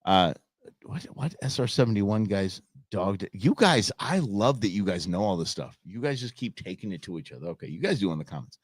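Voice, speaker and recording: A man's voice: fairly low pitch, expressive, a little fast, husky, no echo. A man hosting a live show, chatting casually with viewers and laughing often as he reacts to their comments. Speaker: livestream show host.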